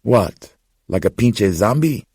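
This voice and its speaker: A man doing a brash young street thief, defensive, foul-mouthed, deep gravelly voice, dry audiobook sound. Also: lively intonation, slow pace, a little mellow, no room sound, exaggerated voice.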